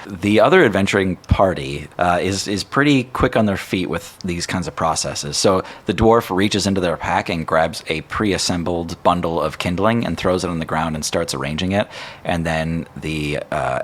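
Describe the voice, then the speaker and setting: A man narrating a tabletop game as game master, relaxed and playful. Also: deep voice, normal speed.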